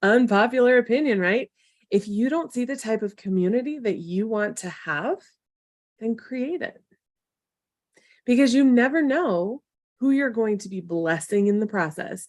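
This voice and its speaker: A woman's voice: fairly high pitch, expressive, measured pace, no room sound, studio quality. A woman coaching viewers in a casual live stream, chatty and encouraging with tough-love asides. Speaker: marketing coach hosting a live Q&A.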